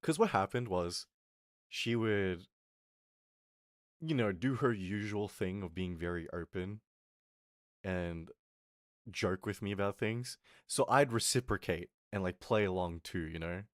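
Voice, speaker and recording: A young man streamer telling a story in a casual rant, animated and swearing, acting out what people said. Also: low-pitched, unhurried, pauses often, no room sound, studio quality.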